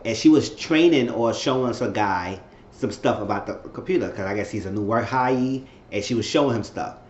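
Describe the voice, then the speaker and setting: A man's voice: medium pitch, a little mellow. Man recapping a show in a roomy room. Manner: loose, rambling retelling with restarts. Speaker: TV show reviewer on his channel. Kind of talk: casual episode recap. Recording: roomy, slightly dull home recording.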